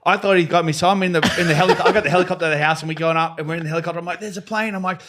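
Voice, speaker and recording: Man, Australian accent, podcast guest, fast storytelling, slightly high voice, acts out quoted voices. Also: level tone, noisy background. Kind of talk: animated storytelling. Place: podcast studio.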